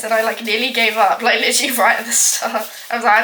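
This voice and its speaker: A young woman with a high, light voice rambles through a home baking vlog, poking fun at herself and filling every pause with "like". The kitchen sounds echoey, and dishes and pans clatter in the background. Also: steady tone, background noise. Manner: rambling, self-mocking, full of filler "like". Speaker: baking vlogger. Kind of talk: casual chatty vlog.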